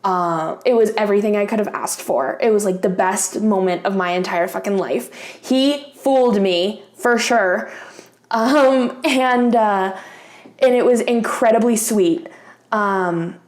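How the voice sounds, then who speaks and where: Speaking at a measured pace, this craft vlogger has a medium-pitched, darkish voice with a roomy sound. The young woman chats casually to camera about something personal, swearing freely and leaning heavily on fillers.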